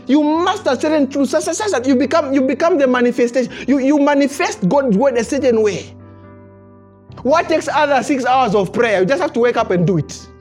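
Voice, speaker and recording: Soft music plays behind a pastor preaching to his congregation during a church service. He speaks fairly quickly in an extremely high pitch, chuckling frequently, repeating words, and restarting phrases as he builds toward his point.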